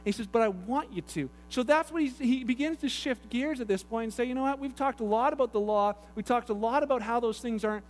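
A man's voice: very high-pitched, fairly quick, few pauses. A man preaching a sermon, pastor's chatty storytelling with asides. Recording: echoey hall with long reverb.

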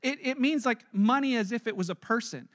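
A man preaching a sermon in church, animated and acting out everyday scenes in little voices. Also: very high-pitched, fairly quick. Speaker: pastor. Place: church service.

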